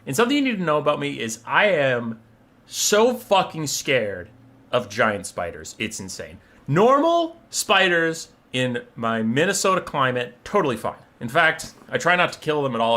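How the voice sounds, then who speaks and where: Young male streamer, casual and foul-mouthed, with a bright, sharp tone. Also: mid-range voice. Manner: animated, profane storytelling. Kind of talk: casual live-stream chat.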